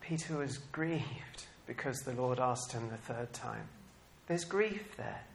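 Animated preacher man, soft then loud. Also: medium pitch, slow pace, gravelly, slight background noise. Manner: animated, laughing often, rising to bursts of loud excitement then dropping soft. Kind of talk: sermon.

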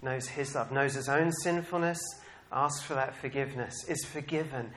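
Preaching to his congregation, this man speaks at a moderate pace in a mid-range voice, with a faint hiss or hum in the recording. His delivery is animated and full of laughter, shifting from quiet, thoughtful moments to loud outbursts of excitement.

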